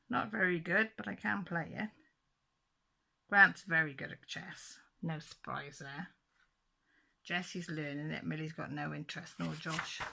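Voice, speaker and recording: A woman's voice: fairly low pitch, gravelly, sharp tone. A woman hosting a channel, chatting casually and chuckling to viewers as she flips through a book. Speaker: channel host.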